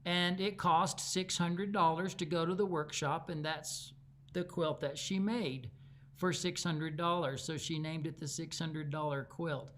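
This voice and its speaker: A man's voice: on the high side, fairly even intonation, unhurried, a bit bright, slight background noise. A man with a Texan accent giving a live online quilting lesson, chatty and folksy as he tells stories between demonstrations. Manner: chatty, folksy storyteller with easy laughs. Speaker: quilting teacher.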